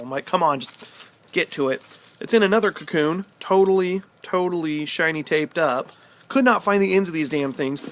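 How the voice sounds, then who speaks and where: An excitable young man with a slightly high voice rambles through a story outdoors in the cold, swearing casually as he talks. A faint hiss sits under the camera-mic recording. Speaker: pipe-smoking vlogger. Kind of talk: casual vlog chat.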